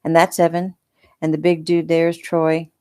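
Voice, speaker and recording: A woman reading the lines of a plainspoken, teasing rancher man in her own low voice during a casual audiobook reading. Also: monotone, moderate pace, darkish tone, smooth, lightly acted. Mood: dry.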